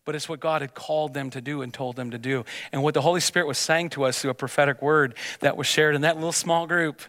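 Brief: male pastor, sermon, bright forceful tone, stammers and restarts, long church reverb. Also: on the high side, fairly even intonation, fast. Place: church sanctuary.

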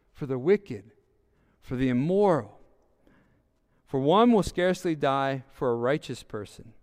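A man's voice: on the high side, clean tone. A male pastor preaching a sermon, repeating words for emphasis and reading scripture aloud.

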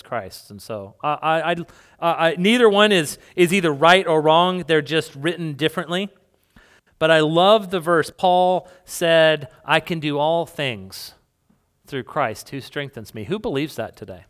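A man's voice: on the high side, fairly bright tone. A man preaching a sermon to a congregation in a church hall, conversational and playful, with asides to the people in front of him. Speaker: pastor.

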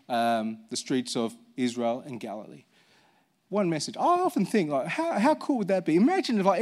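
Male senior pastor, fairly high voice, chatty sermon style, keeps asking the room questions. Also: a little mellow. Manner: conversational, rhetorical questions to the congregation.

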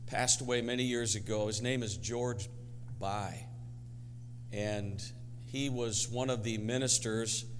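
A middle-aged man preaching a sermon in a church sanctuary, energetic and emphatic, telling stories between his points. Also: mid-range voice, slight background noise. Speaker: pastor. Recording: reverberant church hall with faint music.

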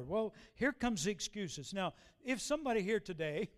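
Preacher guy, high voice, folksy and chatty, slows way down for the bible bits. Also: big pitch swings. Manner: folksy storytelling, slows to read scripture aloud. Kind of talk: sermon.

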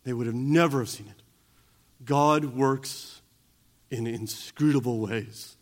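A man preaching a sermon, swinging between loud emphatic stretches and quiet, intense ones. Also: mid-range voice, takes it slowly. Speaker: pastor.

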